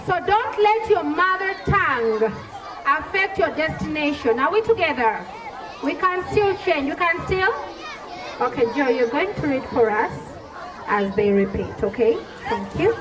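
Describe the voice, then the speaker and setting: A Ugandan woman schoolteacher addressing an outdoor school assembly, slow and commanding, repeating her instructions. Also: sits high, big pitch swings. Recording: echoey outdoor recording with crowd noise.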